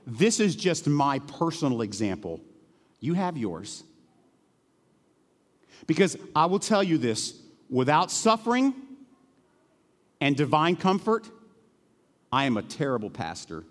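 A middle-aged male pastor preaching a sermon in a church, earnest and emotional, dropping to hushed tones and then rising to emphatic peaks. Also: mid-range voice, big-room sound. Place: church sanctuary.

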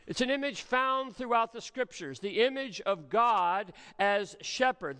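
A man preaching a sermon as pastor, with measured delivery and dramatic pauses. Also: high-pitched, lively intonation, pushed and bright, clean tone, long reverb tail.

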